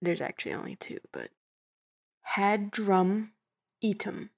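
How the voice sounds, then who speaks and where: A woman reading a script, giggling at her own slips and slowly repeating hard words. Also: medium pitch, huge pitch swings, creaky, darkish tone, dull audio. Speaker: video host reading a script. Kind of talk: casual blooper-reel reading.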